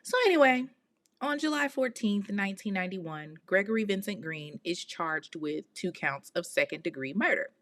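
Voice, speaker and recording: A woman hosting a podcast, telling a true-crime story in a casual, animated way, with outspoken, exasperated asides in slang. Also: medium pitch, normal speed. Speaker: podcast host.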